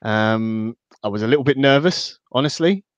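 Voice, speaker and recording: A man who is a guest on a podcast, giving casual football analysis in a measured way with many fillers. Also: medium pitch, dry recording. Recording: dull, dry lo-fi audio.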